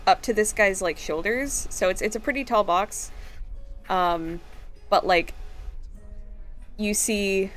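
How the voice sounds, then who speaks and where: A woman's voice: mid-range voice, fairly bright tone. A woman narrating a tabletop game as game master, describing scenes in a rambling way full of fillers.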